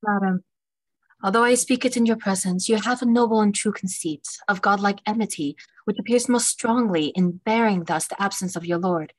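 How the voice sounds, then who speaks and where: A woman reading the part of a courteous young gentleman in an unrehearsed play reading, steady and polite. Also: mid-range voice, moderate pace, no echo, natural voice, low-quality recording.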